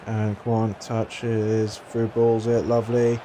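A young man giving excited commentary on his own football video game match, swinging between mock commentator lines and exasperated, mildly sweary outbursts. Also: on the low side, slow, noisy background. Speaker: gaming YouTuber.

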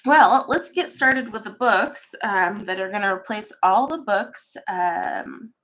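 Female host, unhurried, congested, chatty casual stream talk on webcam mic. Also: mid-range voice, fairly bright tone. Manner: chatty, rambling, many ums and laughs. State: stuffy and congested. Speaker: coloring channel host. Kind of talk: casual livestream chat. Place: home art studio.

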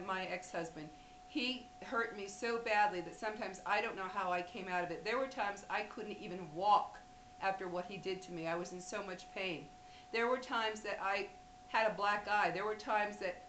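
A woman's voice: mid-range voice, fairly bright tone, a little hiss or hum. Woman vlogger, blunt and emphatic, talking to women viewers, echoey room. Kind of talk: direct-to-camera advice talk.

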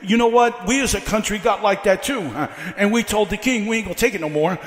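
A man with a very high voice preaches a fiery revival sermon. He peppers his lines with "uh" and hammers the same questions again and again. His voice rings out with the long echo of a large hall. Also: fast talker. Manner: fiery preaching with repeated "uh" fillers; builds by repeating questions. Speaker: evangelist. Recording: echoey hall.

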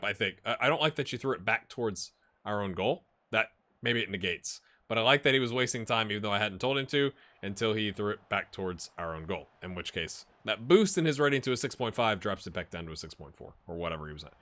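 A man's voice: lowish voice, animated, fast, bright, forceful tone. A man hosting a casual let's-play video, chatting and rambling to his viewers as he plays. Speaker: gaming channel host.

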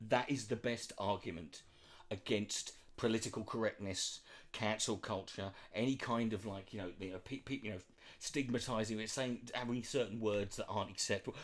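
A man ranting sarcastically and mocking the clips he reacts to. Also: fairly low pitch. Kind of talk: sweary comedic rant.

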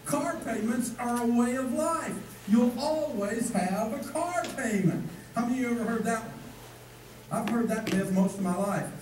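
Lively guy lecturing a seminar crowd, mellow tone, mic far off with faint room noise. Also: very high voice, normal speed. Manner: energetic, joking, asks the crowd questions. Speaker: financial seminar instructor. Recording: echoey hall from far off.

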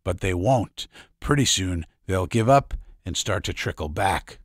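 A man reading as a weary middle-aged father, quiet and worn down. His voice is low and even, close to the narrator's own. The recording is close and dry. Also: a little slow, no echo, heavily acted.

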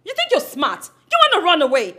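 A woman's voice: sits high, huge pitch swings, fast talker, pushed and bright, full character voice. An actress playing a defiant young woman with a Nigerian accent, confronting her uncle in front of her mother. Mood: taunting. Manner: taunting, confrontational. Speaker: daughter.

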